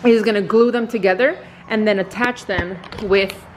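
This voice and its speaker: A woman's voice: mid-range voice, steady tone, normal speed. A young woman chatting casually in a home DIY vlog, bubbly and gushing, with giggles in her talk. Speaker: vlogger. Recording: noisy home video sound.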